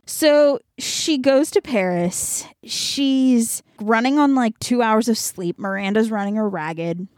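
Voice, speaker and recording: A woman's voice: fairly high pitch, slow, few pauses, a little mellow, no room sound, studio quality. A young adult woman co-hosting a podcast, casually retelling a book's plot and leaning on "like" as filler. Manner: chatty plot retelling with heavy use of "like". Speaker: podcast co-host. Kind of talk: casual book chat.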